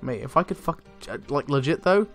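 A young man giving casual, excitable gameplay commentary, swearing a lot and laughing often. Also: fairly high pitch, fairly quick. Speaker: let's play gamer. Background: faint game music.

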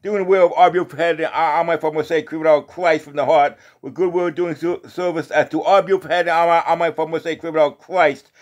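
A man reading scripture aloud as a lay preacher, halting and restarting often, then drifting into rambling, informal testimony. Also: fairly high pitch, steady tone, muffled recording. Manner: casual and rambling when talking off the text, often asks "you know?".

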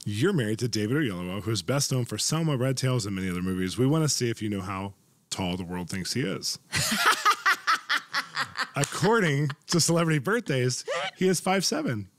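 A man at a middle pitch hosts a relaxed interview, playful and often laughing, his energy jumping up when he gets excited. The sound is close and dry, with no room around it. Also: fairly quick, dry recording. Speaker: host. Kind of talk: casual interview chat.

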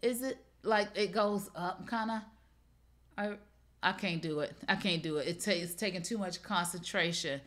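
A middle-aged woman hosting a live shopping show, pitching deals in a playful, chatty way and talking straight to her viewers. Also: moderate pace, a bit bright.

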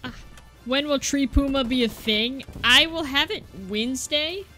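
A young woman giving excitable live gameplay commentary from a room at home, exclaiming and repeating words in bursts. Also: high-pitched, a little slow, faint music behind. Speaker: gaming YouTuber.

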